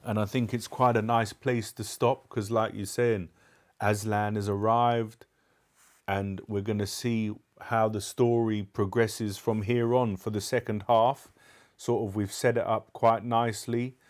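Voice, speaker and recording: Low-voiced man reading a storybook aloud. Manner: measured, steady reading; chatty and relaxed between chapters. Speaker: book club host and reader. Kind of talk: live audiobook reading and casual chat.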